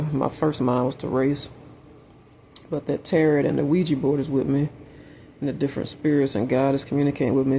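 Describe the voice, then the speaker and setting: Hoarse, halting man vlogging. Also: fairly high pitch, a little mellow, a little hiss or hum. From Southern United States. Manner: halting, drifting, full of fillers and restarts. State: losing his voice, unwell. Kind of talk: rambling personal vlog. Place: at home.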